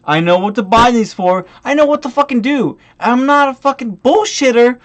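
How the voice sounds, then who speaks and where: A man's voice: normal speed, few pauses. Swearing ranting man. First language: not English. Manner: angry, swearing, mocking quoted customers; animated, pitch jumping up and down. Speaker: vlogger. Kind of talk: buzzed profanity-laden rant.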